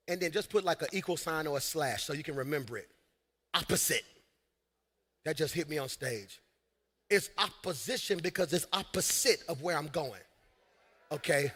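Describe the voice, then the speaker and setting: A man preaching from a church stage, his high voice rising into shouts and laughs. The tone is bright and forceful, and it rings out with a long tail of reverb across the large hall. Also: slightly rough. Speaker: pastor. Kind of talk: sermon.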